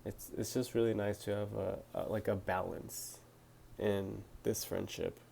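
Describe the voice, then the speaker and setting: Young guy vlogging into his phone, low gravelly voice, super hesitant, lots of likes and restarts, slow. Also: fairly even intonation, mellow, a little hiss or hum. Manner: hesitant, halting, many fillers and restarts. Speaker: vlogger answering viewer questions. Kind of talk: casual talk to camera. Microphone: phone camera.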